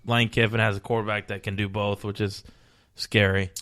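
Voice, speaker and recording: A man's voice: lowish voice, flat delivery, normal speed, fairly bright tone. Podcast co-host, man, clean resonant voice, blunt and profane. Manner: blunt, profane rundown of scores. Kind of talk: casual sports chat.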